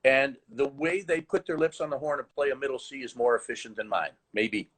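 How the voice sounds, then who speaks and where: A man who teaches the horn, telling stories in animated conversation with frequent restarts over a video call. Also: mid-range voice, brisk, slightly rough, poor audio. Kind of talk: conversational storytelling.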